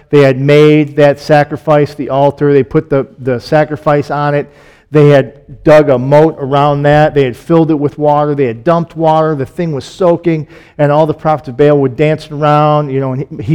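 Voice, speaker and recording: Male preacher, somewhat raised pitch, reads scripture and explains it conversationally. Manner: reads scripture aloud, then explains it in plain, conversational asides; drops to a soft, slow hush on solemn points, rises when excited. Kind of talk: sermon.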